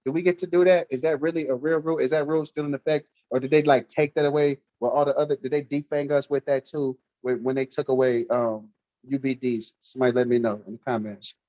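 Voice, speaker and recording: A man's voice: mid-range voice, fairly even intonation, quick pace, dark tone, no room sound, highs cut off. A man hosting a livestream, teasing his chat in a playful, laughing way. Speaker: livestream host.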